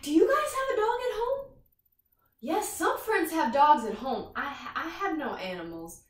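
A woman's voice: high voice, fairly bright tone, roomy sound, far from the mic. A woman leading a yoga class for young children, cheerful and sing-song, making animal sounds with them. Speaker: kids' yoga instructor. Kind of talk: guided kids' yoga class.

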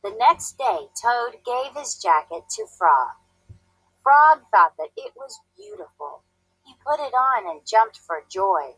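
A woman teacher reading a storybook aloud to a class, clear, deliberate and expressive. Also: on the high side, no room sound, poor audio.

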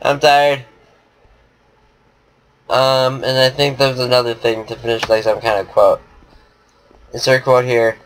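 Sick male gamer host, offhand and teasing, mid-pitched, casual chat. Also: level tone, unhurried, long pauses, a bit bright. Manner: offhand, joking, bossy with his friend. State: sick, coughing. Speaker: channel host.

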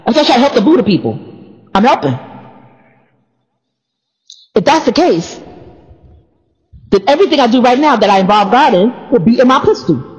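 A woman giving a casual faith talk to the camera, sleepy and allergic, talking in an animated way and repeating words as she goes. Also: fairly high pitch, fairly quick, long pauses. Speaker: church member sharing devotional thoughts. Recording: reverberant, dull lo-fi sound.

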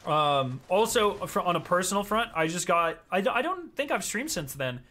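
A young male streamer chatting over his gameplay in a slightly high, bright, forceful voice. He is excitable, swears freely and breaks into sudden loud outbursts. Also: moderate pace. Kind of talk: casual gameplay commentary.

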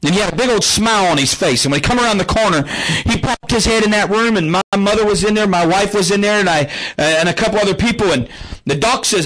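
A man's voice: high voice, fast, a bit bright, poor audio. A man preaching a televised healing sermon as a pastor, fervent and rising and falling in intensity. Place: studio without choir or organ. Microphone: studio camera mic.

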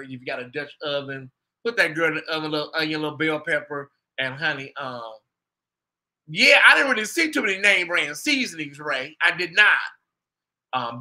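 Chatty, bright-voiced man gossiping. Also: fairly high pitch. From United States. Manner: chatty, gossipy, animated asides to viewers. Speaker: host. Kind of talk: casual commentary to viewers.

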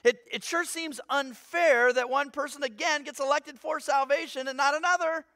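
A man preaching a sermon as pastor, animated and conversational, acting out little voices as he goes. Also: very high-pitched, moderate pace, no room sound, studio quality.

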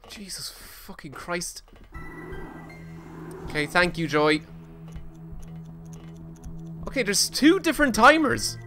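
A man streaming himself playing a video game. He gives casual commentary in an excitable, self-mocking way and swears often. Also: high voice, slow pace, long pauses, soft background music. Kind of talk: casual let's-play commentary.

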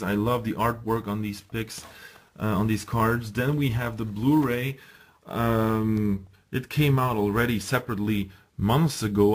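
A man giving a casual, enthusiastic unboxing review, chatting to viewers and pausing with ums as he handles the items. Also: on the low side. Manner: enthusiastic, chatty, often addresses viewers as guys; hesitant, with ums and restarts while handling items. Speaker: video reviewer.

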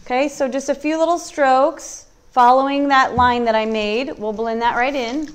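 A woman demonstrating furniture painting on a live stream, talking through each step in a relaxed, chatty way. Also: high voice, normal speed, clear, resonant tone. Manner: relaxed, chatty, thinking aloud. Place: warm indoor workshop.

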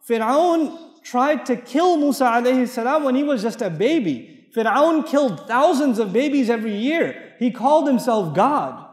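A man with a high voice delivers a quick, animated sermon, throwing rhetorical questions and reciting Arabic verses. His voice rings through a roomy hall with a long reverb tail. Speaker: Islamic lecturer.

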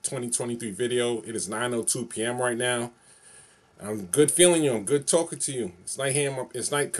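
Man in his 40s from new york city, rambly upbeat vlog talk, repeats himself a lot, medium voice. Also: mid-range voice. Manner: rambling, repetitive and upbeat, chanting prayers. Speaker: vlogger. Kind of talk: casual monologue vlog.

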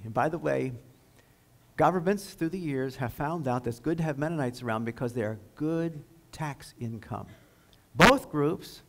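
A man giving a history lecture at a high school, telling the story in an earnest, emphatic way. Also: lively intonation, moderate pace, creaky, poor audio. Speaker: guest lecturer.

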